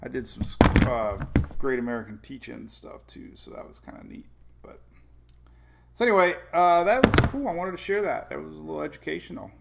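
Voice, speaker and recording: A man's voice: on the high side, expressive, fairly quick, creaky, heavy background noise. A man hosting a casual weather livestream, rambling and correcting himself, chuckling and reading out viewer comments. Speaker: weather show host.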